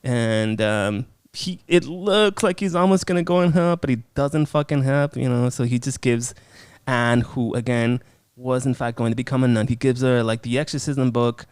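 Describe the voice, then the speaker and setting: A man hosting a podcast, casually reviewing a horror film in a profane, animated way and acting out scenes. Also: medium pitch, moderate pace, smooth, no echo, clean studio sound.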